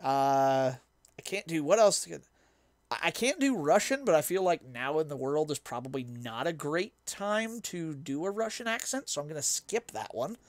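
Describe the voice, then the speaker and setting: Young man, game streamer, chatty and rambling, quick to laugh at himself, voice a bit on the high side, dry close mic sound. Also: expressive, no echo. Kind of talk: casual chat while gaming and reading chat.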